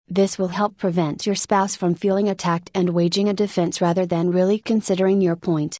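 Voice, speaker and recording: A woman narrating a nonfiction audiobook in a steady, even read-aloud manner. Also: lowish voice, a little fast, few pauses, no echo, studio quality.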